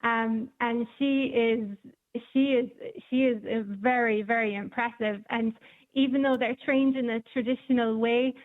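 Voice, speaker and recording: A woman with a fairly high voice tells stories in a relaxed, chatty way, often pausing on an um. She is heard over a thin, tinny phone line. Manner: chatty storyteller with many ums. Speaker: newspaper reporter. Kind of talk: casual radio chat.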